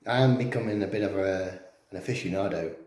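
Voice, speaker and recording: A man's voice: deep voice, quick pace, a little mellow, echoey room. A man casually chatting and explaining cigar steps as he goes. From England. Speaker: cigar vlogger. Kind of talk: casual chat and demonstration. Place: indoors at home.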